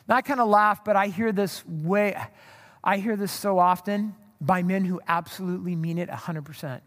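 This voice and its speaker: A man preaching a sermon in a conversational, animated way, with rhetorical asides to the congregation. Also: high-pitched, normal speed. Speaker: pastor. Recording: long hall reverb.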